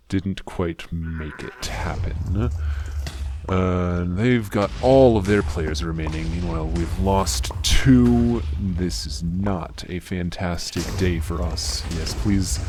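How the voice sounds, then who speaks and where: Man, deep voice, muted mumbly low-energy gameplay commentary, understated. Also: a little hiss or hum. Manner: soft, muted, mumbly delivery. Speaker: gaming channel host.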